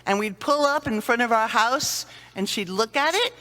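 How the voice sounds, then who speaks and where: High, bright woman speaking in a hall. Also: normal speed. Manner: animated storyteller, acts out sighs and little scenes. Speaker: conference speaker on dementia care. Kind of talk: lively presentation to an audience. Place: conference hall. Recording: long reverb of a hall.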